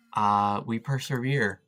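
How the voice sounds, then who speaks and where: A man's voice: fairly low pitch, bright, forceful tone. A man chatting casually while playing a text adventure, reading its lines aloud and joking about them in a self-mocking way. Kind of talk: casual let's-play commentary.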